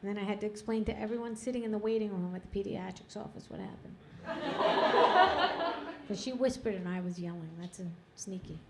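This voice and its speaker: Through a handheld mic on a club stage, a middle-aged woman performs crude stand-up that mocks herself, while the audience laughs throughout. Her mid-range voice is expressive and moves at normal speed against a noisy background.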